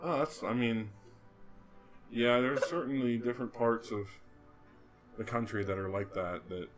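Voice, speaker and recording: A man's voice: medium pitch, a little slow, soft background music. A man hosting a video game playthrough, commenting casually with dry jokes. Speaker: host. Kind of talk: casual let's-play commentary.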